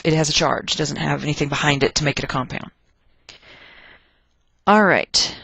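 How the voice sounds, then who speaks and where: Chatty chemistry teacher thinking aloud. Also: female voice, low-pitched, creaky, dry recording. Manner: chatty, thinks aloud while working problems. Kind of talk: recorded chemistry lecture.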